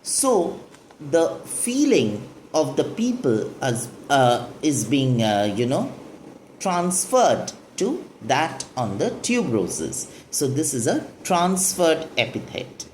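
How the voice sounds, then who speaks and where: A woman's voice: deep voice, very animated, slow, darkish tone, slight background noise. A woman teaching a poetry lesson, explaining the lines and asking and answering her own questions. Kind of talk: literature lesson explaining a poem.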